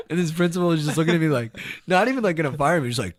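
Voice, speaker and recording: A young man, a podcast co-host, telling a casual story in an animated way, sometimes shouting when acting out the scene. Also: fairly high pitch, quick pace. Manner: animated, bursts into shouted reenactments.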